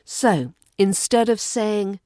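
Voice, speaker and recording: A woman with a Southern English RP accent gives a scripted podcast lesson, speaking slowly and with care. Her tone is mellow and polite. The recording is dry and close, with no room sound. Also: medium pitch, lively intonation, no echo. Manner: clear, measured, polite teaching delivery. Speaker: British accent coach and podcast host.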